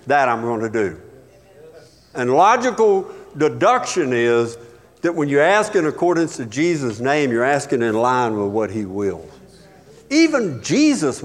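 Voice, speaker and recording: A man preaching a sermon as a pastor, emphatic, with sudden rises and drops in his voice. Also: fairly high pitch. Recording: long hall reverb.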